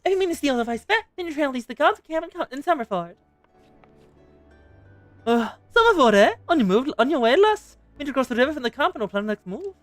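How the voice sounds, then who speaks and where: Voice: high-pitched, big pitch swings, quick pace, dry recording, soft background music, pitched above the performer's own voice. A streamer voicing a sly, cheery male rogue guildmaster with an Irish accent who calls people lass. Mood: scheming.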